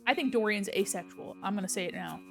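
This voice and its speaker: A woman's voice: mid-range voice, quick pace, creaky, a bit bright, soft background music. A young woman streaming a game, giggly, joking and swearing as she comments. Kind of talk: casual let's-play commentary.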